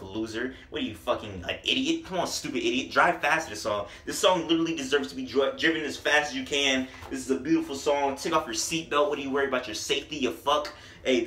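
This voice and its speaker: A man's voice: a little high, bright, forceful tone, reverberant. A man giving a casual, profane and joking music review.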